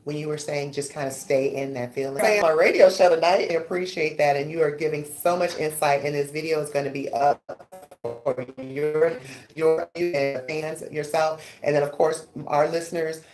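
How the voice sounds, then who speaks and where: Woman radio host, deep voice, animated storyteller, faint music bed. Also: moderate pace. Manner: animated storyteller, rising pitch when excited. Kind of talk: casual interview chat.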